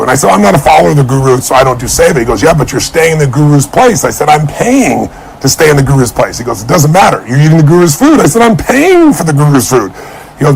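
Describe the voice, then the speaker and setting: A man giving a motivational speech, telling a personal story and acting out the dialogue with animated energy. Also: fairly high pitch, vocal fry, a little hiss or hum, low-quality recording. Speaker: motivational speaker.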